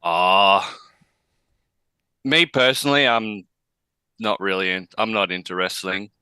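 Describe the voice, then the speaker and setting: A man with an Australian accent, a guest on a podcast, giving relaxed, brief replies in casual chat. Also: deep voice, measured pace, clean tone, no echo.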